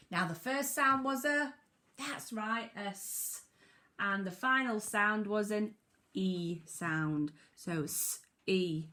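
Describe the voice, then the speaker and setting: A woman teacher leading a phonics lesson for young children, speaking clearly and encouragingly in call-and-response. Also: medium pitch, fairly bright tone.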